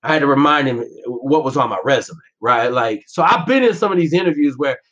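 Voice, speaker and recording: A former Navy SEAL on a podcast tells his stories brashly and profanely, animated throughout the casual chat. He has a mid-range voice and a fairly quick pace, heard through dull, lo-fi audio.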